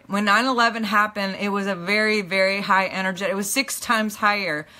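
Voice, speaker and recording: A woman teaching a live online class in an earnest, emphatic way, often checking in with her listeners and letting phrases drop low and soft at the end. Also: steady tone, a little fast. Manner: earnest, emphatic, repeats "okay?" to the audience. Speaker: teacher and minister. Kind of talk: live-streamed motivational teaching.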